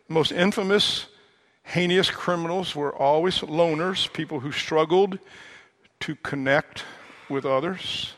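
A man's voice: fairly high pitch, a bit bright. A man preaching a sermon as a pastor, conversational and wry, dropping humorous asides between serious points.

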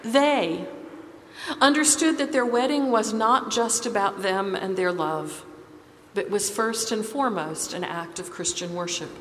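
A woman preaching a sermon, telling stories in a measured, expressive way. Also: mid-range voice, slight background noise. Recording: reverberant hall with faint ambience.

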